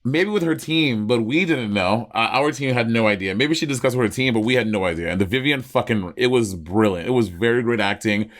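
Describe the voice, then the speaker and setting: A man co-hosting a casual chat, animated and playfully argumentative, often laughing. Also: medium pitch, a little fast, few pauses. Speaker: podcast co-host.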